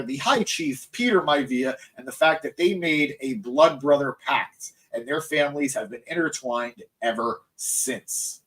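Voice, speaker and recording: Chatty man hosting a live wrestling recap. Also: on the high side. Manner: rambling, easily distracted, reacts to chat. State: tired, voice cracking. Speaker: wrestling show host. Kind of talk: live stream recap chat.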